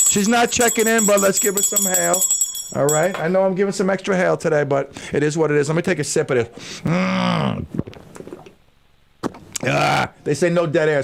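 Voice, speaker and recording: A male radio show host chatting in a rambling, excitable way from his studio, calling out shout-outs to listeners. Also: high-pitched, vocal fry, slight background noise. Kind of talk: casual radio chat. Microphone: studio microphone.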